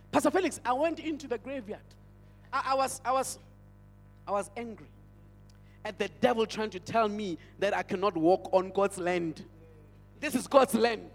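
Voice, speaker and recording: A man's voice: extremely high pitch, expressive, unhurried, long pauses, slightly rough. A male pastor with a South African accent, preaching a sermon as an emphatic storyteller who repeats his phrases. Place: church hall. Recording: church hall with long reverb.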